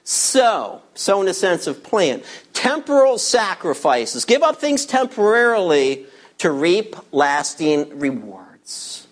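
A man preaching a sermon as pastor, animated, reading scripture and acting out quoted voices of his listeners. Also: high-pitched, takes it slowly.

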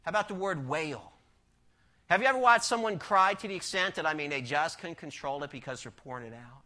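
A man's voice: fairly high pitch, lively intonation, brisk, sharp tone. A man preaching a sermon, emphatic, asking the congregation rhetorical questions and telling a story.

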